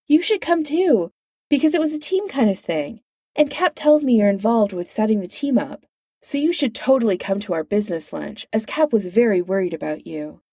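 A woman's voice: medium pitch, expressive, moderate pace, mellow, breathy edge, no room sound, studio quality, voice pushed up. A woman voicing a bubbly, gushing young woman who talks in an eager, chatty way. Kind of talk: audiobook character voice.

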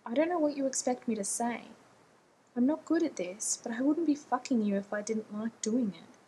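A woman's voice: a little high, animated, moderate pace, dark tone, a little hiss or hum, close to an everyday voice, poor audio. A woman reading an audiobook voices a tired, exasperated man who speaks bluntly. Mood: weary. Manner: weary, blunt.

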